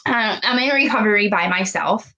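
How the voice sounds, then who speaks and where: A young woman recounts a personal story as a podcast guest. She talks fast and chatty, with many "like" fillers, at a mid pitch. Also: pushed and bright, highs cut off.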